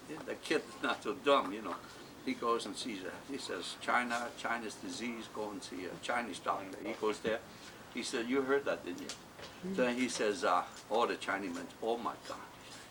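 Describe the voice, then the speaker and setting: A man telling a joke at a family birthday party, acting out the characters and dropping to hushed asides. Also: fairly low pitch, normal speed. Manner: animated, puts on voices, hushed asides. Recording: distant home camcorder, noisy room.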